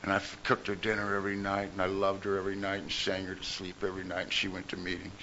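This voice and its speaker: A winded man giving a personal recovery testimony to a meeting room, telling his story earnestly and swinging between loud and hushed. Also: sits low, monotone, fast talker, a little hiss or hum. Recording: dull lo-fi recording.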